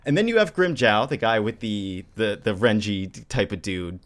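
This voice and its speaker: A man's voice: lowish voice, animated, moderate pace. A man hosting a casual podcast chat, recapping a story and laughing often. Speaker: podcast host.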